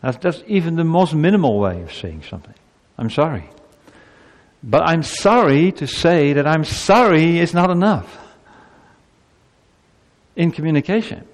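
A man's voice: fairly high pitch, moderate pace. A man preaching a sermon, talking animatedly and acting out what people say to each other. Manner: animated, acts out quoted speech. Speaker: pastor. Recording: long hall reverb.

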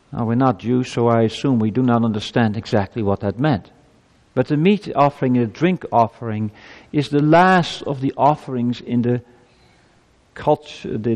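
A man delivers an earnest sermon at an ordinary middle pitch. He lifts his voice when he reads scripture and presses the congregation with rhetorical questions. His voice carries a long reverb, as in a church sanctuary. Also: darkish tone. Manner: earnest preaching, rising emphasis on scripture quotes, rhetorical questions. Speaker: preacher.

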